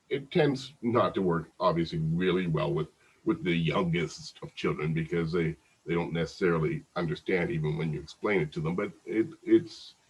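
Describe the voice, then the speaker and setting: A man's voice: low-pitched, breathy edge, dull audio. A man teaching a psychology lecture in a conversational way, often restarting and repeating words. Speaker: psychology instructor. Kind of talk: recorded lecture.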